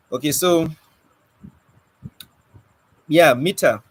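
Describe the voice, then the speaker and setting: A man's voice: fairly high pitch, normal speed, a little hiss or hum, poor audio. A young man teaching an online poetry lesson, coaxing and questioning his students with light teasing. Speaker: poetry mentor.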